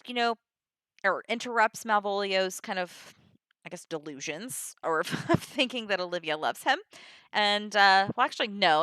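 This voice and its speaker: A woman's voice: medium pitch, pushed and bright, clear, resonant tone, no room sound. A woman casually summarizing the plot of a play, chatty and full of filler words. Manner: chatty, full of 'you know' and 'like'.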